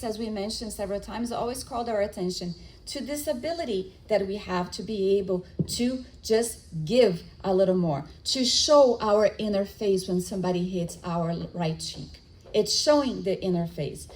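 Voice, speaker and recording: Animated woman giving a spiritual lecture. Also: on the high side, a little hiss or hum, rough recording. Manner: animated storytelling with acted-out dialogue; frequent restarts and fillers.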